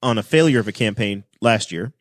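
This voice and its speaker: A man hosting a podcast, teasing his guest with rapid questions in casual banter. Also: on the low side, no echo, clean studio sound. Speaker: podcast host.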